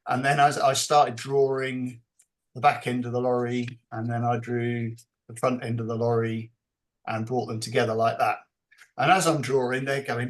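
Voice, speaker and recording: A man presenting a teacher training session over a video call, explaining slowly and acting out classroom dialogue. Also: medium pitch, level tone.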